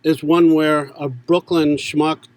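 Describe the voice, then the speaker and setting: A man's voice: a little high, little pitch movement, slow. A man from New York, a guest voice actor chatting casually on a podcast and cracking jokes. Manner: wisecracking, laughs often.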